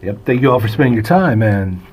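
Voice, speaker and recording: A man's voice: lowish voice, animated, a little fast. A man co-hosting a casual podcast, joking around and moving the talk along. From United States. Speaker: podcast co-host.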